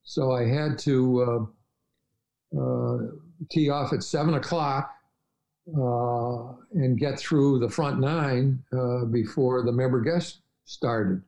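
A man's voice: mid-range voice, fairly even intonation, slow, dark tone, rough recording. An older man telling travel stories as a podcast guest, rambling with many fillers and restarts. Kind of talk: casual storytelling interview.

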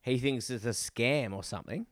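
A man's voice: medium pitch, moderate pace, dry recording, studio quality. A man co-hosting a podcast in casual chat, swearing freely and rambling through restarts. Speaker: podcast co-host.

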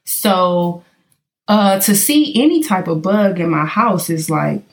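A woman's voice: fairly low pitch, slow. A woman from California hosting a casual podcast, talking straight to her listeners as she tells stories. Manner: chatty storyteller addressing listeners directly. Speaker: podcast host.

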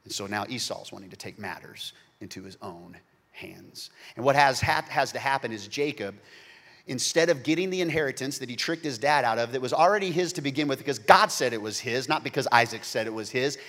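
A man preaching a sermon, telling a story with animated energy and frequent stammered repeats. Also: medium pitch, brisk. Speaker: pastor. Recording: long hall reverb.

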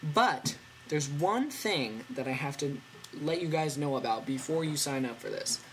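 A man's voice: fairly high pitch, unhurried, slight background noise. Rambling teenage boy podcast host. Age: teens. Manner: rambling and excitable, with lots of fillers and animated asides. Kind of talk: casual tech podcast chat.

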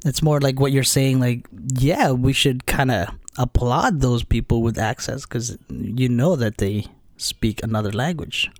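A man in a casual podcast chat, relaxed and hesitant, repeating words as he thinks aloud. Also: medium pitch, unhurried, few pauses, dry recording, studio quality.

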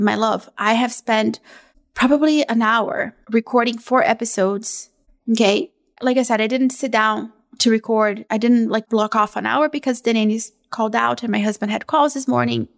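A woman in her thirties hosting a casual solo podcast from home, talking in a gushing, upbeat sales pitch. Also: gravelly. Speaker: podcast host.

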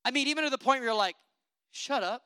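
A preacher delivering an impassioned sermon, calling out for amens and swinging between loud declarations and low conversational asides. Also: racing, clean tone, no room sound.

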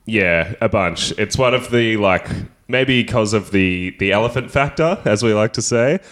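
Male guest, very low voice with wide swings, casual. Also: animated, unhurried, fairly bright tone. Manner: laid-back, swears and laughs. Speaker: podcast guest. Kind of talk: casual podcast chat.

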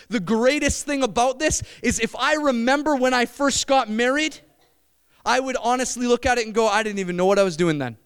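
A young man preaching a sermon, animated and addressing the congregation with frequent questions. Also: extremely high pitch, clean tone, no room sound.

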